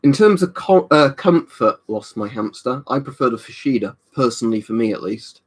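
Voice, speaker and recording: Speaking at a normal speed, this young livestream host from the United Kingdom has an expressive, medium-pitched voice. A little tipsy from a drink, he sits in a room at home going through viewer comments, chatty and rambling, dropping "um" and "you know" often.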